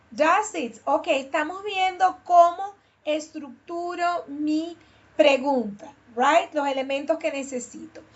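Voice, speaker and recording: High slow-paced woman teaching English. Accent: Spanish. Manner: repeats phrases slowly, switches between English and Spanish. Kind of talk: online class teaching. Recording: dull lo-fi sound.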